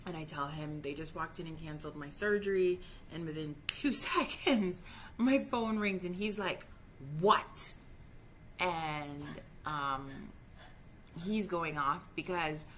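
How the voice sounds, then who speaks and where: Over slight background noise, a low, somewhat bright voice belongs to a Jamaican vlogger in her thirties. She's upset and frustrated, venting frankly in a heated personal rant, swearing freely and tripping over her words when upset.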